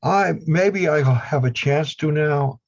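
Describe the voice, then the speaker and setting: A guest who makes lapidary equipment speaks slowly in a voice on the high side during a video call interview. He has a Down East Maine accent and rambles bluntly with dry humor. The audio is dull and lo-fi from the video call.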